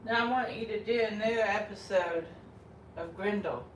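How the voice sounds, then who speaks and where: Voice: mid-range voice, normal speed. Rambling host in an echoey room. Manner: rambling, self-correcting. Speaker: channel host. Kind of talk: casual chat. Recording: roomy, distant, faint noise.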